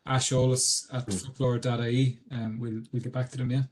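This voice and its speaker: A man's voice: mid-range voice, level tone, normal speed, darkish tone. A man with an Irish accent explaining dictionary work on a video call, hesitant and full of ums and restarts. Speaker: dictionary editor giving a webinar talk. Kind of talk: explanatory talk.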